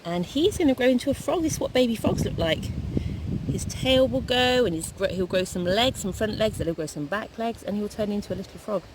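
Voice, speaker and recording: A woman teaching young children, slowly sounding out letters in a sing-song, encouraging way. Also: medium pitch, lively intonation, noisy background. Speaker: primary school teacher.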